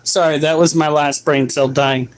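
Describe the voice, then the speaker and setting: A man's voice: fairly high pitch, steady tone, normal speed, rough recording. A man chatting on a casual live stream while caring for his pets, joking, swearing and scolding his dogs. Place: at home with animals.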